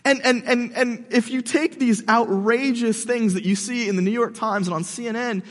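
Casual male preacher with a high voice, slangy and animated, speaking in a hall with long reverb. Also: moderate pace. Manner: slangy and animated, says "dude", restarts words. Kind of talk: casual sermon addressed to skeptics.

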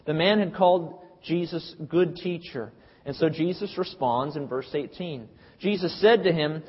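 Husky man preaching in a reverberant hall. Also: a little high, moderate pace. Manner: emphatic, preacherly, with acted quotes. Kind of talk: sermon. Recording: dull lo-fi audio with long hall reverb.

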